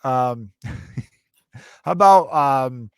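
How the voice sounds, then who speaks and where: A man's voice: mid-range voice, expressive, very slow, clean tone, no room sound, clean studio sound. A man hosting a podcast, chatting casually and telling stories, swearing now and then. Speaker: podcast host. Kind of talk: casual chat.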